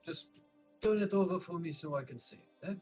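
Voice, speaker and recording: A man's voice: a little high, a little fast, mellow, faint music behind, voice pushed up, lightly acted. A man voicing a blunt, pushy male adventurer who drops little words as he speaks. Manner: clipped speech dropping little words.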